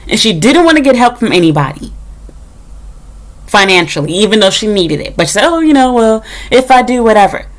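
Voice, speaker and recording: Young woman vlogger, mid-pitch, blunt and sarcastic, profane storytime rant to camera. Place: indoors, talking to her own camera. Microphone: camera mic.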